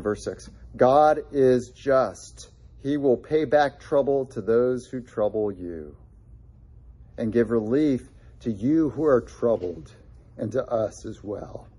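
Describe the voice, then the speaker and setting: A male pastor delivering a sermon in a mellow, slightly husky voice. He preaches earnestly and repeats short phrases for emphasis. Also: on the low side.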